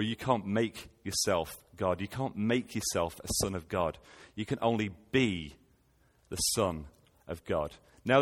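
Man preaching in a reverberant hall. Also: on the low side. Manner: retells scripture with rhetorical questions. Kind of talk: sermon.

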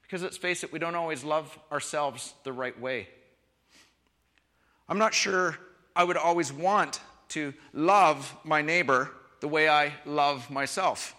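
A man preaching a sermon, switching between quiet reflective lines and loud, emphatic ones. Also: on the high side, a little slow. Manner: expressive, shifts from soft to loud emphasis. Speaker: pastor. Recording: long hall reverb.

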